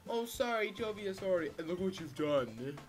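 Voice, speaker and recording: A man's voice: high-pitched, sing-song, normal speed, voice pushed up. A man putting on an awkward, mocking troll voice for a cocky, brawny male video game thug. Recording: game music loud underneath.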